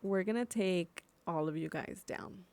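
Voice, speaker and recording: A young vlogger from California delivers impassioned personal commentary on camera, emotional and swearing freely. She slows down to stress her points, in a fairly low-pitched voice with a darkish tone.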